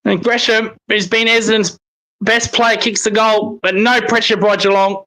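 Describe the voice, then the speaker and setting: Sweary fan calling football. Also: male voice, high-pitched, moderate pace, low-quality recording. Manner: excitable, swears in frustrated outbursts. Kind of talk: live watch-along commentary.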